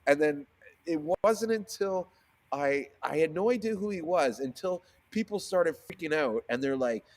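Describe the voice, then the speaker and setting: A man in a casual interview, telling a story with lots of swearing and restarts. He acts out the other people in it with sudden jumps in pitch, from low and quiet to high and loud. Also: lively intonation, moderate pace. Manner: swears freely, acts out quoted voices with sharp pitch jumps; fillers and frequent restarts. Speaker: seamoss seller, guest.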